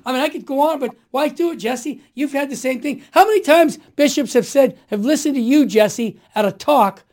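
A man in his sixties telling stories in an interview, emphatic and fervent, building to forceful outbursts. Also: very high voice, moderate pace. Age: 60s. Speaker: guest. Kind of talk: impassioned storytelling in conversation.

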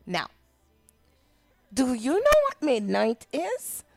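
Slow, expressive woman teaching children. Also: high voice, creaky, no echo, faint music behind. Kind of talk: children's Bible lesson.

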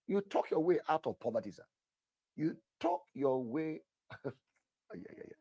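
A male preacher delivers a fervent, repetitive sermon and keeps turning to his listeners as sir. His husky voice climbs and drops across a wide range. The sound is close and dry. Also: medium pitch, sing-song, moderate pace, a little mellow, dry recording. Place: church altar session.

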